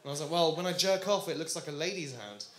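A man from France with a British accent performing a stand-up comedy set, shouting his punchlines. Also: a little high, lively intonation, fast talker. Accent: British English. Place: comedy club with audience. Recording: roomy live club recording with audience noise.

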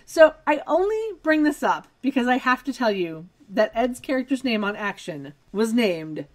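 A woman's voice: on the high side, big pitch swings, normal speed. A woman co-hosting a podcast, recapping a TV episode in casual chat with wry asides. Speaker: podcast co-host.

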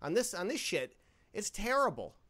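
A man hosting a podcast, ranting sarcastically and swearing as he reviews a low-budget film. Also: big pitch swings, normal speed, pushed and bright. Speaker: podcast host. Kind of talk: casual movie-review banter.

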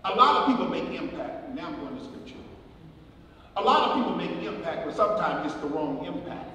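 A man, a pastor, preaching a eulogy sermon with animated storytelling and repetitions, recorded from a distance in a church sanctuary before a congregation. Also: fairly high pitch, brisk, slight background noise. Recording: echoey church hall recorded from far off, crowd audible.

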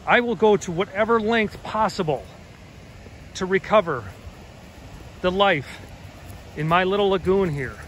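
A man in his thirties walks by a pond, vlogging on a handheld camera and addressing viewers earnestly and dramatically. His voice is high-pitched and unhurried with long pauses, and the poor audio carries outdoor ambient noise.

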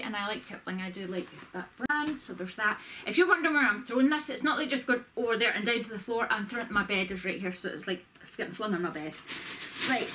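A woman's voice: medium pitch, a bit bright, a little hiss or hum. A woman vlogger chatting casually from her bedroom, rambling and self-deprecating as she shows off a shopping haul. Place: bedroom at home. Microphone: camera with ring light.

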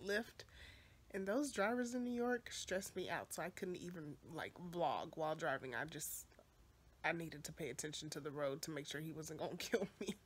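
A woman, telling a story in a casual, animated vlog and calling her viewers y'all. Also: low-pitched, normal speed, breathy edge. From Texas. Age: 20s. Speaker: vlogger. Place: on the move through airport, car and stairwell. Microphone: phone held at arm's length. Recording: loud noise behind the voice.

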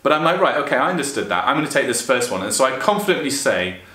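A man's voice: medium pitch, big pitch swings, fast talker, sharp tone, roomy sound. A young man chatting casually, reading out stories and often breaking into laughter at them. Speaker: vlogger.

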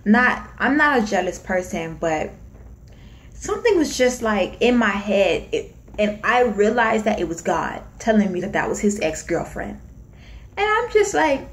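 A woman's voice: fairly high pitch, unhurried. Young woman telling a chatty storytime. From Florida. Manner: chatty, animated retelling with acted-out quotes. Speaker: vlogger. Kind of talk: casual storytime.

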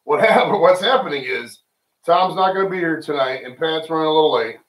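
A man's voice: on the high side, brisk. A man hosting a casual home livestream, talking loosely and joking with plenty of swearing. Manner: loose, profane, joking, off-the-cuff. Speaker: livestream show host. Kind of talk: casual rambling chat. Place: home room with friends. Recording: roomy, mic at a distance.

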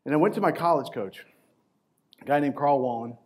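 A man in his forties giving a storytelling motivational talk to coaches, conversational and emphatic, with short pauses, speaking into a lapel mic. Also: mid-range voice, expressive, a little mellow, husky. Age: 40s. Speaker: keynote speaker at a coaching event. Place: conference stage before a live audience.

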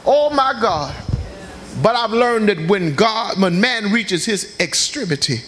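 A man preaches with fervor, his voice sitting high and ringing bright. He keeps prodding the congregation with quick call-and-response asides as he preaches in the church. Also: expressive. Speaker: pastor. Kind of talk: sermon. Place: church sanctuary.

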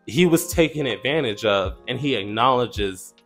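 A man's voice: medium pitch, animated, moderate pace, soft background music. A man in his twenties hosting commentary, indignant and blunt, swearing casually. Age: 20s. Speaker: commentary channel host. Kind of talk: reaction commentary.

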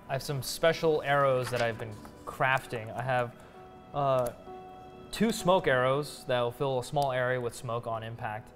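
A man playing a tabletop game in casual chat, easygoing, listing gear with fillers. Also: medium pitch. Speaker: player.

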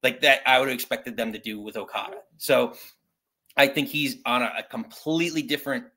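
Man, podcast host, upbeat, bright forceful tone, casual chat. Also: mid-range voice, fairly even intonation, brisk. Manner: upbeat, steers the segment.

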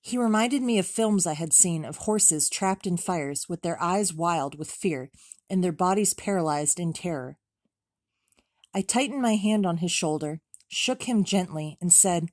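A woman reading a memoir aloud as an audiobook, in a measured, steady way with even pauses. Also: lowish voice, dry recording, clean studio sound. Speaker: audiobook reader.

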